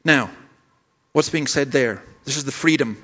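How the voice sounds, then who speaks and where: A man's voice: medium pitch, normal speed, fairly bright tone, muffled recording. Earnest Scottish man preaching a sermon. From Scotland. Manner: earnest, self-deprecating, with stumbling restarts. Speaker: pastor.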